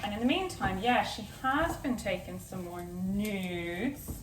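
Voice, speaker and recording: A woman's voice: medium pitch, unhurried. A young woman hosting a casual, jokey vlog chat while cooking in her kitchen. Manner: chatty, jokey, rambling. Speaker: vlogger host. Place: home kitchen. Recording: distant camera mic with noise.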